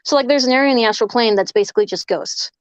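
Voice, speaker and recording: Chatty lady guest on a podcast, lots of "like", kinda high voice, dry mic. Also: racing, dry recording, muffled recording. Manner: rambling storyteller, many fillers of "like". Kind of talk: casual podcast chat.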